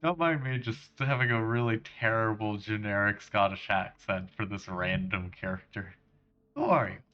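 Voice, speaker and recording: A man's voice: on the low side, fairly even intonation, normal speed, lo-fi sound. A man giving casual let's-play commentary with chuckling, self-mocking asides. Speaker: video game streamer.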